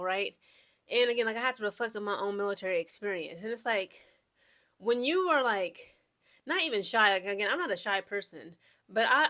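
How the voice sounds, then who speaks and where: Medium in pitch, this chatty woman from Central Ohio, a vlogger and Air Force veteran, rambles through casual personal stories. She leans on "like" and "okay?" and acts out conversations with lively back-and-forth quotes.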